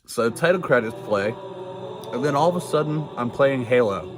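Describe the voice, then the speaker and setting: Over music, a man with a medium-pitched, expressive voice recaps a TV episode at a moderate pace. The video reviewer rambles casually, packing in fillers, cursing freely and laughing often.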